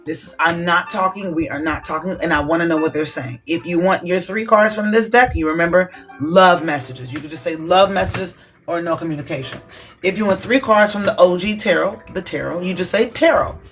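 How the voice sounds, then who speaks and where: A tarot reader hosts a live-stream session and runs through the card decks in a loose, chatty way. The voice sits at a middle pitch and keeps checking in with listeners. A little music plays quietly in the background. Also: a little fast. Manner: casual, chatty, checks in with "okay?" often.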